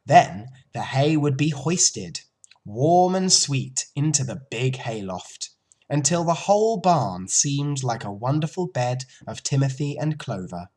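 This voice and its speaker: A male teacher reading a children's novel aloud to his class, with expressive storytelling. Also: measured pace. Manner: expressive storytelling, lively pitch.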